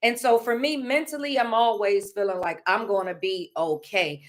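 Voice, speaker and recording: A woman's voice: mid-range voice, fairly even intonation, moderate pace. A woman vlogger talking openly and casually, rambling with many fillers and laughing now and then. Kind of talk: casual heartfelt vlog talk.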